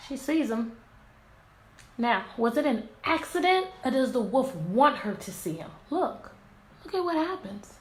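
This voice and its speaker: A woman teacher reading a picture book aloud to her class, animated and asking many questions. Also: fairly high pitch, measured pace. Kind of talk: interactive read-aloud lesson. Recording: echoey room, faint background noise.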